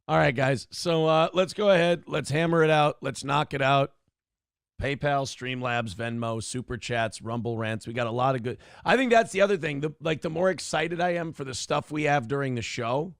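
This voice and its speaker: Sarcastic man with a gravelly voice. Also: mid-range voice, dry recording, clean studio sound. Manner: sarcastic, mocking chat trolls; reads out chat comments. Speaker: radio show host. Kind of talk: live-stream donation appeal.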